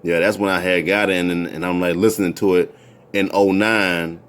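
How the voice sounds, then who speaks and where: A man in his thirties telling a personal story in a casual, rambling way, repeating himself and restarting his sentences. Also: normal speed. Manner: rambling, repeats words and restarts, jumps into high excited voices when quoting.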